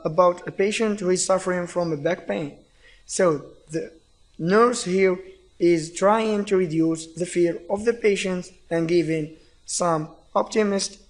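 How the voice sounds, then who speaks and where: High-voiced Algerian man teaching English. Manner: explains step by step, reads example phrases aloud. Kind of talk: recorded lecture.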